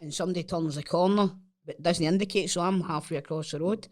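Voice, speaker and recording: A man's voice: fairly high pitch, steady tone, a little fast. A Scottish man co-hosting a podcast, telling a short, punchy story in casual chat. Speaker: podcast co-host.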